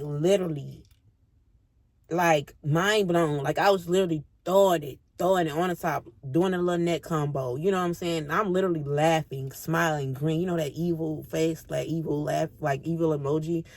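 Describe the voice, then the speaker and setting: A female vlogger does a casual storytime full of slang and swearing, addressing her viewers directly and swinging between low mutters and high-pitched squeals. She talks at a moderate pace with no echo.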